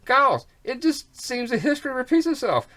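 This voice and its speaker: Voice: high-pitched, very animated, normal speed, sharp tone. A vlogger in a rambling monologue who repeats words, breaks into rhyming wordplay and folksy slang, and sounds snotty with a cough.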